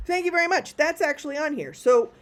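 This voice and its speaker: A woman from Texas, chatting through an online Q&A in a self-deprecating way, full of quick asides, heard over a video call. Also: sits high. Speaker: professional speaker answering audience questions. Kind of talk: live online Q&A talk.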